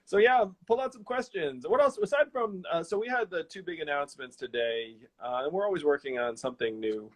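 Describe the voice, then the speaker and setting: A man hosting a casual live question-and-answer stream from his home, rambling and relaxed, with lots of fillers and restarts. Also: a little high, brisk, hardly any pauses. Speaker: host of an Instagram live Q&A.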